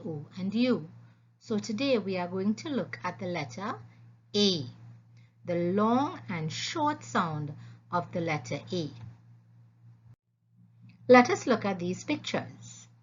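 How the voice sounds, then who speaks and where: A woman teaching a phonics lesson, speaking slowly and clearly and repeating the sounds for young learners. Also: mid-range voice, expressive, slight background noise. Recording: dull lo-fi voice-over.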